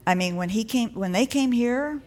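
A woman's voice: a little high, moderate pace, darkish tone. A woman preaching a sermon to a congregation in a church, in a conversational, encouraging way that builds to rising exhortations.

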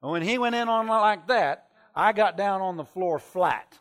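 Middle-aged male preacher, slightly high voice, sermon storytelling, drops quiet then shouts. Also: moderate pace. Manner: animated, swings from hushed to shouting. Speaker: traveling preacher.

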